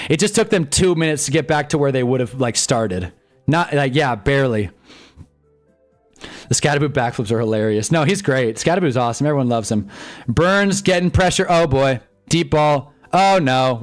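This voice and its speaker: Young man, fairly high voice, live game commentary, excitable, faint music behind. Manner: excitable, swings from glum to shouting joy. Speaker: live-stream host.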